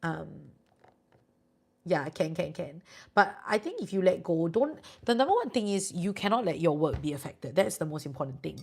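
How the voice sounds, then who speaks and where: A woman's voice: lowish voice, big pitch swings, normal speed, darkish tone, husky. A Singaporean woman doing tarot readings on a live stream, chatty and reassuring with viewers. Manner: chatty, reassuring, sprinkles "lah". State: sleepy, yawning.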